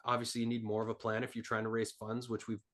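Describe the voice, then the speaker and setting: A man's voice: mid-range voice, monotone, fast talker, fairly bright tone. A man speaking as an entrepreneur guest on a podcast, earnest and rambling, with lots of filler words. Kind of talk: casual interview talk.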